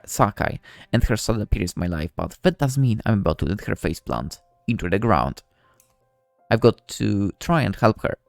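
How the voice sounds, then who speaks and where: A man's voice: fairly low pitch, no echo. A man reading a visual novel aloud as the male lead, narrating wryly with joking asides. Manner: wry, lively narration with asides. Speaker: game let's-play narrator.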